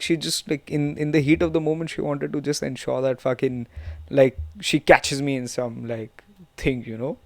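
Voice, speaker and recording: A young man with an Indian English accent hosts a podcast, telling a story in a loose, profane, rambling way and dropping Hindi and Gujarati words into his English. His voice sits at an ordinary pitch. The recording is dry and close, with no room sound. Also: vocal fry, no room sound. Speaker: podcast host. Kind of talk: casual storytelling monologue.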